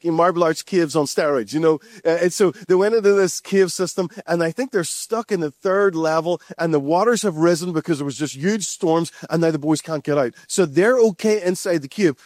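A man's voice: on the high side, a little mellow, dry recording, studio quality. A man preaching a sermon, speaking earnestly, repeating phrases and addressing the church directly. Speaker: pastor.

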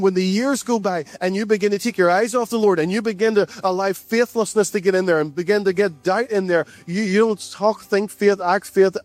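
A man preaching a sermon as pastor, animated and repeating key lines for emphasis. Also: high voice, no echo.

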